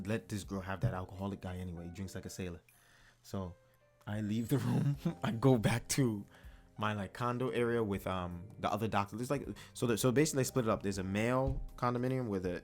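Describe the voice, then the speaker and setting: Low-voiced man telling a story casually. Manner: animated, chatty, acts out quotes. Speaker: vlog host.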